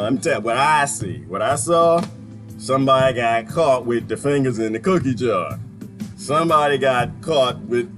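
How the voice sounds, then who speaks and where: Man laughing through mocking commentary. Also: mid-range voice. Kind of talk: reaction commentary.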